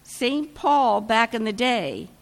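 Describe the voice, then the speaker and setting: A woman preaching a sermon, retelling scripture in a measured storytelling manner with dramatic pauses. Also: fairly high pitch, animated. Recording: long church reverb.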